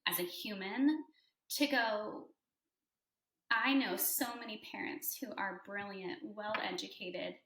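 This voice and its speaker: A woman's voice: medium pitch, takes it slowly, gravelly, fairly bright tone. Passionate woman teacher in a roomy space. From Alaska. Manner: passionate, emotional, fervent with restarts. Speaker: teacher and guest. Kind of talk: conversational podcast interview. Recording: roomy echo.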